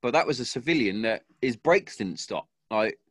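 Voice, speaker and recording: A man's voice: medium pitch, expressive, normal speed, fairly bright tone, husky, no room sound, studio quality. A man and army veteran, telling a war story in casual chat with a lot of swearing and acted-out quotes.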